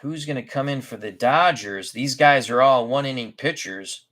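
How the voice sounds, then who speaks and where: Chatty and unhurried, a man with a mid-range, fairly bright voice provides play-by-play for a tabletop baseball game he's hosting, self-correcting throughout.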